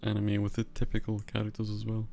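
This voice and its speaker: A man's voice: lowish voice, completely flat delivery, fast, gravelly, mellow, soft background music. A man streaming a video game live, chatting casually and rambling, with mild swearing while he answers chat.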